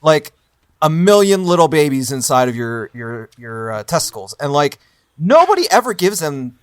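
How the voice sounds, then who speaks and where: A man's voice: a little high, big pitch swings, normal speed, dry recording, studio quality. A man riffing as a panelist on a comedy improv game show, rambling and silly with lots of fillers.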